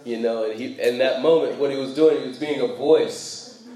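A man's voice: medium pitch, normal speed, warm tone, echoey room, low-quality recording. A man from the United States giving a sermon in a loose, conversational way, with many fillers and storytelling asides. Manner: conversational, frequent fillers, laughs while telling stories. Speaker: preacher. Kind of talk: sermon talk.

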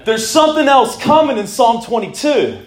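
A man's voice: very high-pitched, big pitch swings, moderate pace, echoey room. A man preaching a sermon, reading scripture aloud with dramatic rises and drops in his delivery. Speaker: pastor.

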